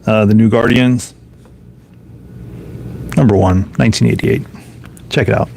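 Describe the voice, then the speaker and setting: Man, very gravelly, low-pitched, offhand musing vlog chat, faint background noise. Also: fairly even intonation, unhurried, a little mellow. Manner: offhand, musing, mumbles to himself between thoughts. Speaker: comic book collector vlogger. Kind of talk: casual live commentary while flipping through comics. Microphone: phone camera.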